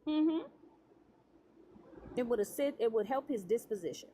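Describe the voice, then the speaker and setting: A woman with a high voice hosts a livestream debate. She keeps interrupting her caller and talks down to him. There is a faint steady hum in the background. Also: moderate pace. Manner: condescending, cuts callers off. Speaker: livestream host.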